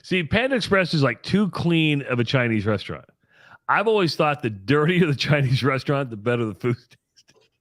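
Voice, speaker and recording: A man's voice: medium pitch, normal speed, no echo, clean studio sound. Chatty man on a call-in show. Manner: chatty, laughs often, animated storytelling. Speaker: radio show co-host. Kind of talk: casual call-in radio chat.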